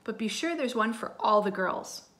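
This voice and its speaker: A woman's voice: a little high, animated, normal speed, a bit bright. A woman doing an eager young storybook boy.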